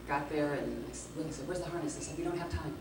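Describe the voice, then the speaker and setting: A woman guest at a convention Q&A, telling a lively anecdote, acting out the quotes and laughing often. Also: deep voice, very fast, gravelly. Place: large echoey convention hall. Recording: echoey hall, distant mic, background noise.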